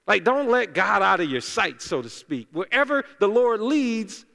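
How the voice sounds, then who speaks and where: Joking pastor with a high voice in a reverberant church. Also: male voice, very animated, normal speed, vocal fry, sharp tone. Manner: chatty and joking, talks directly to the congregation. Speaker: lead pastor. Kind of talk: conversational sermon. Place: church sanctuary. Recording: long echoey church reverb.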